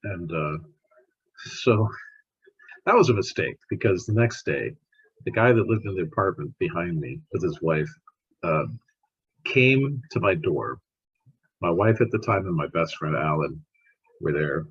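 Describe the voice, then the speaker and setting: Husky-voiced man telling stories. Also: low-pitched, unhurried, long pauses, highs cut off. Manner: animated, repeats words while telling stories. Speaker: podcast guest, scientist. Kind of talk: storytelling in conversation.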